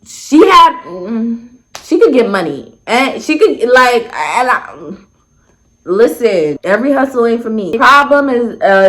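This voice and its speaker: Blunt, sarcastic young woman telling a story. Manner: candid, blunt, sarcastic, swears freely; animated, jumps pitch for emphasis. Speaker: storyteller vlogger. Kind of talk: casual storytime chat.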